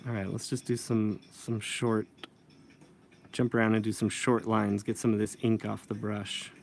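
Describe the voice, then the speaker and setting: A man's voice: on the low side, flat delivery, moderate pace, creaky, darkish tone, a little hiss or hum. A man teaching comic inking in a casual tutorial, thinking aloud and correcting himself as he works. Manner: thinking aloud while working, self-correcting. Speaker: comic book inker.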